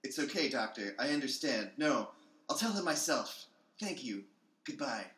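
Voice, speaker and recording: Man reading an upset young wife from a fan story, laughter breaking through. Bright, roomy. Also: medium pitch, big pitch swings, moderate pace, far from the mic. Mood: calm. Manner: read with barely held-back laughter. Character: distraught young wife Cindy, tearful.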